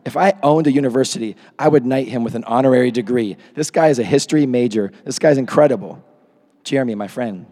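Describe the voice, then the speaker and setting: A man in his thirties preaching a sermon into a microphone, swinging from hushed asides to shouted peaks. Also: medium pitch, fast. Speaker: pastor. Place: church hall. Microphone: handheld or podium microphone. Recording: long hall reverb.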